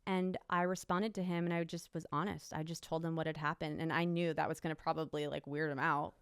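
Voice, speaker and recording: A woman's voice: deep voice, little pitch movement, a little fast, clear, resonant tone, no echo, studio quality. A young woman, an interview guest, emphatically retelling a personal story and quoting what people said. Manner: emotional, emphatic retelling with quoted dialogue.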